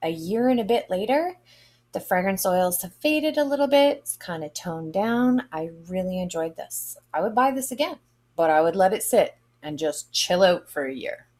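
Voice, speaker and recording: Woman, casual vlog review, chatty, expressive, mid pitch. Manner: lively, expressive, drawn-out exclamations. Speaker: vlogger reviewing wax melts.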